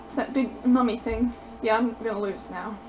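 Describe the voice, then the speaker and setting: A woman giving live gameplay commentary, excitable and loudly pleading and cheering at the game as she plays. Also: a little high, moderate pace, noisy background. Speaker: gaming video creator.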